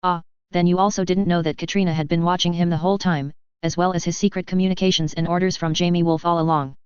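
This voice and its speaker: Reader voicing a calm, amused male officer; dry briefing manner, very smooth voice, muffled close recording. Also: mid-range voice, fast talker, no echo, close to an everyday voice.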